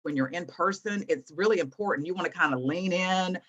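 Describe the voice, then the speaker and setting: A woman in her thirties, a guest teacher, explaining things to students in an encouraging, animated way over a video call. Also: fairly low pitch, brisk, husky. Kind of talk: online class teaching.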